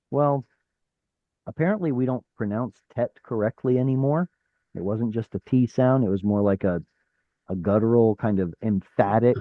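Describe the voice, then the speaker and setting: A man's voice: medium pitch, no room sound, narrow, tinny audio. A man teaching an online Hebrew class, explaining step by step, sounding out letters and correcting himself as he goes. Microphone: video call.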